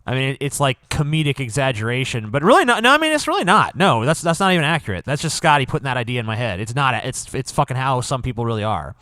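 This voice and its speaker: A man co-hosts a podcast in loose, sarcastic banter, swearing often. His voice sits at a middling pitch and sounds dry and close. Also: big pitch swings, quick pace, few pauses, sharp tone, no echo. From Louisiana, USA. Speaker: podcast co-host. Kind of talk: casual comedic chat.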